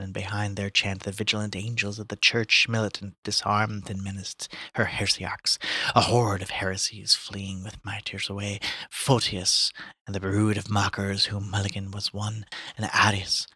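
Guy reading a book out loud to friends, lowish bright voice, trips on big words. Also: husky, no room sound, clean studio sound. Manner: casual, stumbling over hard words and correcting himself. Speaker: reader. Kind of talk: reading a novel aloud to friends.

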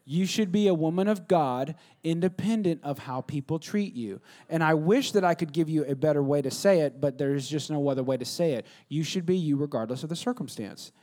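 A man preaching from the pulpit with a fairly high voice. He swings between loud, emphatic bursts and low, hushed asides. He acts out both sides of conversations as he teaches. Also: fairly quick, hardly any pauses. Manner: acts out conversations, asking and answering himself. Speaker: pastor. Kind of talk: sermon.

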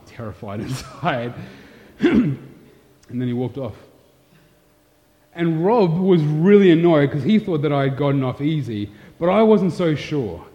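A man's voice: fairly high pitch, warm tone. A pastor giving a sermon, telling a candid, self-deprecating story from his own life. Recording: long hall reverb, dull sound.

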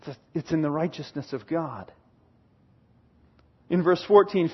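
Male preacher, higher pitch, husky, sermon delivery swinging from booming to hushed, dull lo-fi sound. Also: a little slow, long pauses. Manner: reads scripture aloud with dramatic swings from booming to hushed.

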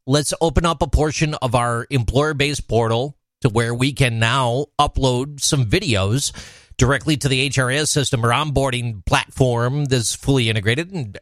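A man's voice: medium pitch, normal speed, a bit bright, dry recording. A man co-hosting a casual podcast chat, asking probing questions and building long rhetorical ones. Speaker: podcast co-host.

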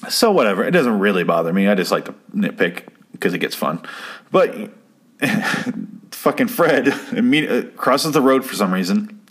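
A man's voice: on the low side, animated, moderate pace, slightly rough. A man casually recapping and nitpicking a TV episode, swearing and joking sarcastically as he goes. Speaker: commentator reviewing a TV episode. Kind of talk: casual chat.

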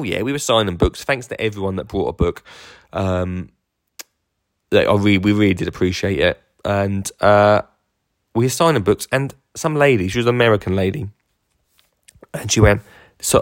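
A man's voice: lowish voice, no echo, studio quality. A man hosting his own podcast, chatting enthusiastically and rambling with lots of fillers and restarts. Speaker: podcast host and garden entertainer. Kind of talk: casual podcast monologue.

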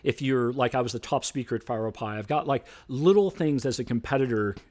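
A man's voice: medium pitch, fairly quick. A middle-aged man, a debate coach, telling stories in an interview and acting out the voices of people in them. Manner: animated storyteller, acts out voices. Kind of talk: storytelling interview.

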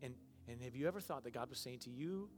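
A male pastor preaching a sermon, moving from quiet, emotional passages to loud, emphatic ones. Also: medium pitch, lively intonation, fast. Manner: emotional, swings from soft and hushed to loud and emphatic.

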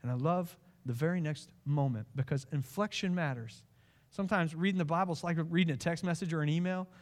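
Man, pastor, preaching a sermon, impassioned, hushed to pleading, a bit high-pitched. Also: brisk.

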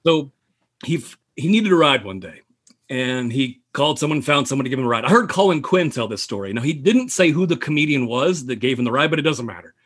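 A man telling comedy anecdotes in a casual chat, animated and quick to laugh. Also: medium pitch, breathy edge. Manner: animated storyteller, laughs loudly, mimics people in quotes.

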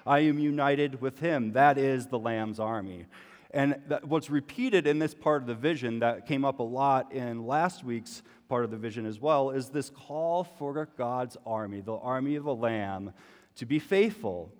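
A man's voice: medium pitch, unhurried. A man giving a sermon as a pastor, conversational and full of rhetorical questions. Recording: long hall reverb.

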